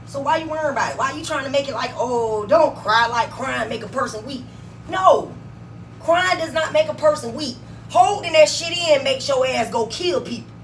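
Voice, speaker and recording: A woman ranting bluntly to her followers, swearing freely and swinging between low mutters and loud bursts. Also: recorded from a distance, slight background noise, rough recording. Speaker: vlogger. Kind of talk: profane rant to camera.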